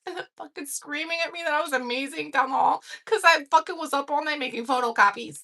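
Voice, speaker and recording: Casual livestream host, a woman in her forties; high, tense tone, swearing freely through a tale. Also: quick pace, hardly any pauses. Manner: profane and animated, laughing through stories. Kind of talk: casual storytelling.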